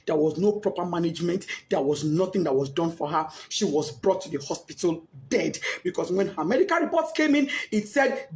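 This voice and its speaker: A grieving Nigerian mother with Yoruba as her first language, giving an impassioned, tearful statement and often shouting as she pleads. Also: on the low side. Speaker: bereaved mother. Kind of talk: emotional personal statement.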